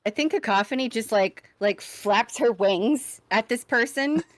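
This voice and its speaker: A woman's voice: a little high, unhurried, slight background noise. A woman playing a tabletop role-playing game, cheerful and playful. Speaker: player.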